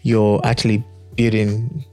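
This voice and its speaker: Low-voiced reflective male host. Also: completely flat delivery, measured pace, darkish tone, soft background music. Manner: affirming, reflective, with frequent "you know". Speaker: podcast host. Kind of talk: casual podcast chat.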